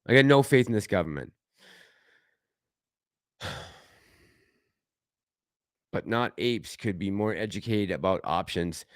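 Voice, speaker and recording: A man's voice: fairly low pitch, expressive, slow, pauses often, smooth, no echo, clean studio sound. A man hosting a casual livestream, reading viewer comments aloud and reacting to them in a chatty way. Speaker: livestream host reading chat.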